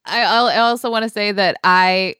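A woman's voice: medium pitch, fairly even intonation, moderate pace, pushed and bright, clean tone, no echo, studio quality. A woman guest on a podcast, chatting casually and laughing often. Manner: giggly, easygoing. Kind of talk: casual chat.

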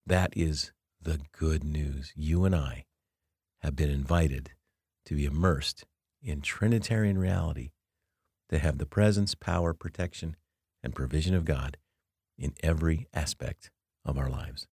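Deep-voiced man, slow earnest preaching. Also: a little mellow, slightly rough, no room sound, clean studio sound. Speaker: podcast host and teacher. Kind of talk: reflective sermon-style podcast talk.

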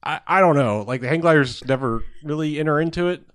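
A man's voice: fairly high pitch, quick pace, fairly bright tone, dry recording. Rambling man on a dry podcast mic. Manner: rambling, acts out villain lines. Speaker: podcast co-host. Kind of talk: casual movie review chat.

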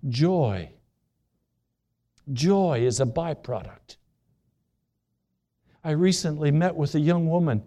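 A man preaching a sermon, earnest and questioning, slowing down to stress key words. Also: on the high side, animated, warm tone. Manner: earnest, questioning, slows for emphasis.

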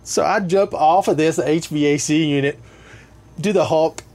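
A man with a somewhat high voice chats as a guest on a podcast. He tells his story loosely and laughs often, with loud bursts at the funny parts. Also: moderate pace. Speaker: guest, home appraiser. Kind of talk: casual storytelling chat.

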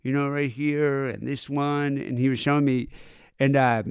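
A man co-hosting a podcast, spinning a long anecdote in a smooth, resonant voice. He acts out both sides of the exchange as he goes. The sound is dry and close, with no room around it. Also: medium pitch, normal speed, no echo. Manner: animated retelling, acts out both sides of a conversation. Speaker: podcast co-host. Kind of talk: casual storytelling chat.

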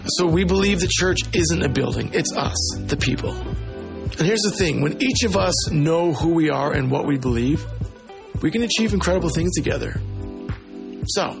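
A man's voice: on the high side, gravelly. A man hosting a church podcast, giving an upbeat, welcoming scripted intro. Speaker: podcast host. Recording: music bed under the voice. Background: music.

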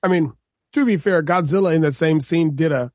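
A man co-hosting a casual podcast chat, enthusiastic and animated, with lots of "like.". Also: fairly high pitch, fairly quick, no room sound, clean studio sound. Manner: enthusiastic and animated, says "like" a lot. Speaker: podcast co-host.

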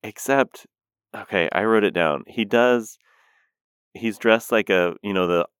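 A man co-hosting a podcast, reviewing a movie in a wry, rambling, deadpan way. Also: fairly low pitch, measured pace, clear, resonant tone, dry recording, studio quality. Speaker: podcast co-host. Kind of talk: casual movie review chat.

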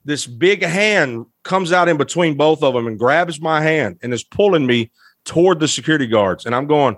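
Animated man telling a story. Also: on the high side, fairly quick, no room sound, studio quality. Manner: animated, emotional, laughs often. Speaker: guest, musician. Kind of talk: storytelling anecdote.

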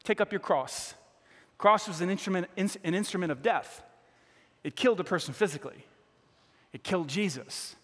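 A man delivers a sermon with a high, bright voice, swinging between loud bursts and hushed asides. He urges the congregation to repeat lines after him. His voice echoes with a long tail around a large hall. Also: normal speed, long pauses. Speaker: pastor.

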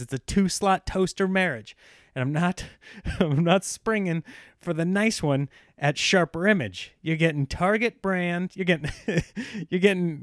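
A man's voice: sits high, clear, resonant tone, dry recording, studio quality. A man in his thirties talking casually in a rambling monologue, laughing often at himself.

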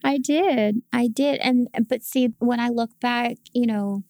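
A woman's voice: fairly high pitch, unhurried, warm tone, dry recording, studio quality. A woman guest telling her faith story in a casual podcast chat, earnest and emotional.

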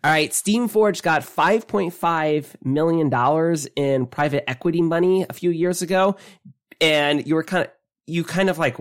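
A man co-hosting a tabletop gaming podcast, talking in a casual and animated way, often trailing off and restarting his sentences. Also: fairly high pitch, moderate pace. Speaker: podcast co-host.

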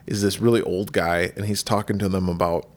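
A man's voice: sits low, little pitch movement, brisk. A man in his thirties co-hosting a podcast in casual chat, loose, joking and profane. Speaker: podcast co-host.

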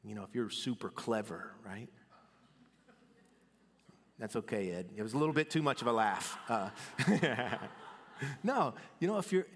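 A man preaching a sermon in a relaxed, talky way, dropping almost to a hush and then lifting his voice again. His voice carries a long reverb from a big sanctuary. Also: medium pitch, unhurried, long pauses. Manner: conversational, swings between soft and loud. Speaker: pastor.

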